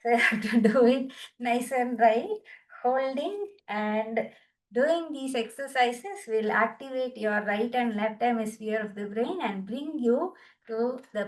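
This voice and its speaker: A woman's voice: a little high, unhurried. Upbeat woman leading laughter yoga. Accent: Indian English. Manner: upbeat, encouraging, cues exercises with bursts of laughter. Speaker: yoga and laughter therapy instructor. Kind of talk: guided group wellness session. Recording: distant from the mic.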